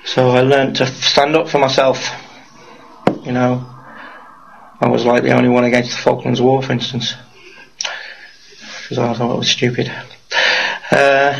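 Poor audio with a little hiss or hum carries this gravelly, medium-pitched voice of a middle-aged man who comes from Wales but grew up in Birmingham. His accent blends Birmingham, Geordie and Welsh as he wanders through his life story for an interviewer, frequently closing with tag questions.

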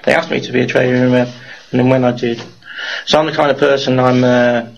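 A man's voice: mid-range voice, flat delivery, a little fast, creaky, dull audio, slight background noise. A middle-aged man with a mixed Birmingham and Geordie accent, rambling through his life story in an interview and often ending with tag questions. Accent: mixed Birmingham, Geordie and Welsh. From Wales, raised in Birmingham.

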